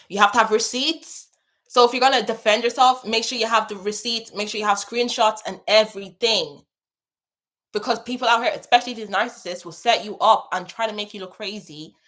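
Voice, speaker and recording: A woman's voice: medium pitch, fairly bright tone. A young woman hosting a casual advice chat, talking in a chatty, emphatic way and repeating phrases for stress. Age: young adult. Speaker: advice host. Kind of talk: casual advice chat reading viewer messages.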